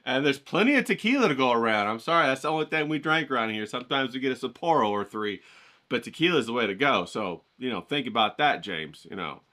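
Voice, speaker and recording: An art channel host, this man speaks fast and expressively in a mid-range voice that is bright and forceful. His vlog is casual talk with drawing tips, delivered in a folksy, rambling way with plenty of jokes.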